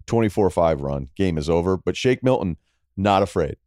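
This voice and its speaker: A man's voice: normal speed, dry recording, studio quality. A middle-aged man, a podcast guest, talking sports in a casual, sarcastic way. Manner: animated, sarcastic, jumping between high and low.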